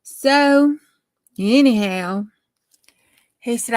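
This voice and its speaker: A woman's voice: medium pitch, unhurried, no room sound. A woman telling a folksy story in a dramatic, chatty way. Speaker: craft vlogger.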